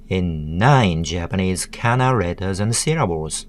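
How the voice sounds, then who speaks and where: A man giving a scripted tutorial narration, deliberately sounding out words one syllable at a time. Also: on the low side, animated.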